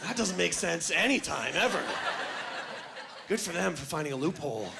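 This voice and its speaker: A young man doing a stand-up comedy set on a club stage, animated and self-mocking, acting out voices, with an audience laughing loudly. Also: fairly high pitch, moderate pace, vocal fry, heavy background noise.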